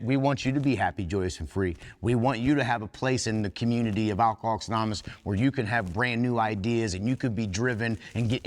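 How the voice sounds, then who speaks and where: A man speaks at a recovery workshop in a folksy, earnest way, blunt and unpolished with the odd curse. His voice sits in an ordinary middle register. The sound carries a long reverb from a meeting hall. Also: mid-range voice. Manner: plain-spoken, earnest, folksy with mild cursing. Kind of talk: informal recovery workshop talk.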